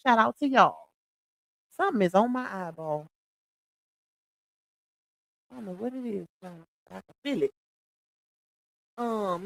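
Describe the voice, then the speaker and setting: A woman's voice: a little high, no echo, low-quality recording. Sassy woman, livestream chat. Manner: sassy, laughs often, drawls slang. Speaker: livestream host reading chat comments. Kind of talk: casual live-stream gossip chat.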